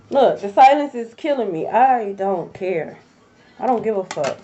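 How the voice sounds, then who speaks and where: A woman who reads tarot, telling a story to her viewers in a blunt, profane, animated way, addressing them as y'all. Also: medium pitch, unhurried. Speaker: tarot reader. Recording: dull lo-fi recording.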